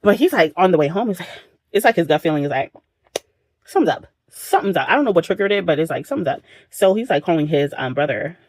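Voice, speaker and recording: A woman's voice: fairly low pitch, animated, quick pace, dry recording. A woman recapping a book for her vlog in a casual, dramatic way, peppering the story with slang asides, at home late at night. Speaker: book vlogger.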